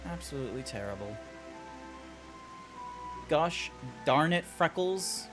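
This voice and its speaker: A young man streaming a game, chatting casually and jokily, often breaking into excited shouts. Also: on the high side. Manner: excitable, jokey, quick bursts of shouting. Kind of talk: casual livestream chat. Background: faint background music.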